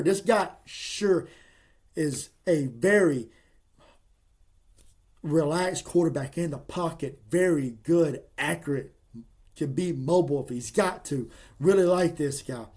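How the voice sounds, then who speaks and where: Excitable man talking football picks. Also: on the high side. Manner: excitable, folksy, emphatic. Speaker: college football commentator. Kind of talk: casual sports picks monologue.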